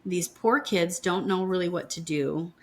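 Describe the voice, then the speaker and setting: A woman's voice: lowish voice, unhurried. A woman in her fifties, co-hosting a podcast, retelling a true-crime story in a blunt, indignant way and swearing freely. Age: 50s. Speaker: podcast co-host.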